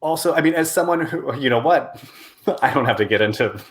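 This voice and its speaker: A male interview host with a teasing, playful way of asking questions, who often breaks into laughter at his own jokes. His voice sits at an ordinary mid pitch. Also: expressive, fairly quick. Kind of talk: casual interview chat.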